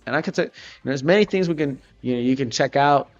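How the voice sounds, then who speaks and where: A man's voice: mid-range voice, fast talker. A man on his art livestream, chatting casually while drawing, rambling loosely and cursing offhandedly. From Florida, United States. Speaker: livestreaming artist. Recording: dull lo-fi livestream audio with faint music.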